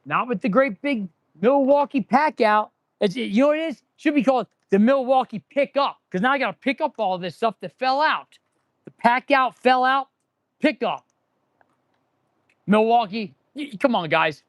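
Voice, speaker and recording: A man's voice: extremely high pitch, lively intonation, moderate pace, no room sound. Sarcastic man ranting in a repair shop. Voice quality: sarcastic, rambling, talks with his hands on tools. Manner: ranting, restarts often. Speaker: auto mechanic and channel host. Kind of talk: casual live-stream shop talk. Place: auto repair shop, indoors.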